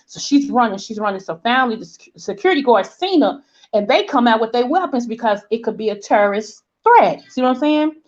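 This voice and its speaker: On her vlog, a Southern woman in her forties spins a lively casual story, performing the voices of the people she quotes and asking "okay?" along the way. She talks a little fast with a voice on the high side, in dull, lo-fi audio.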